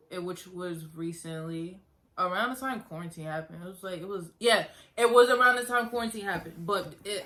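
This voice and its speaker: A woman's voice: medium pitch, pushed and bright. A young woman earnestly telling her own story in a casual vlog, talking conversationally and repeating herself. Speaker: vlogger.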